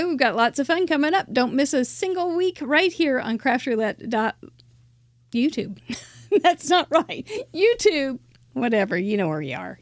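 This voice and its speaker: Woman, high-pitched, chatty and giggly, live craft show host, dry sound. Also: dry recording. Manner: bubbly and chatty, laughs often, stumbles over names. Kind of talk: live-stream show hosting.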